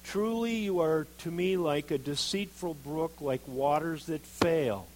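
A man preaching a sermon, reading scripture and acting out the quoted speakers with lively expression. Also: fairly high pitch, unhurried, slight background noise, rough recording. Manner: animated, acts out quoted voices of Jeremiah and God.

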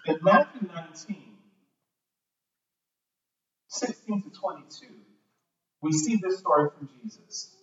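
A man with a high, animated voice preaches a sermon at a slow pace, pausing often as he reads scripture and talks conversationally with repeated words and asides. The recording comes from an echoey hall, with his voice distant and the sound dull.

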